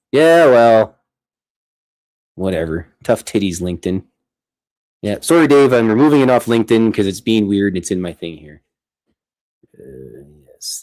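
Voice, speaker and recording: A man's voice: fairly low pitch, a little mellow. A man hosting a casual livestream from his home art studio, chatting while he draws, rambling and cutting himself off mid-sentence. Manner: rambling, self-interrupting, chatty. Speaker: streamer host.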